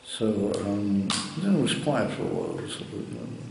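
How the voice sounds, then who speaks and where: A man, a rabbi, telling stories to a gathering in a halting, meandering way with many restarts. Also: fairly low pitch, lively intonation, creaky, background noise. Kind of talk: storytelling talk to a gathering. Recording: echoey hall recorded from far off.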